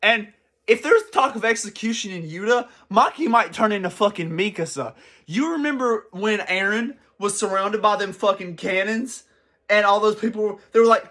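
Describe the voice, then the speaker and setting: A young man giving casual, excitable commentary as a channel host, rambling and swearing freely. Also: high-pitched, normal speed.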